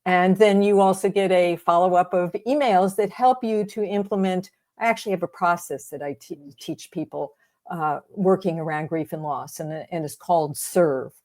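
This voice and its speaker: A woman grief coach speaks as a podcast guest, her voice sitting a little low. She explains things reflectively, pausing with fillers as she thinks aloud in a casual conversation. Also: a little mellow. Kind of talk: casual interview chat.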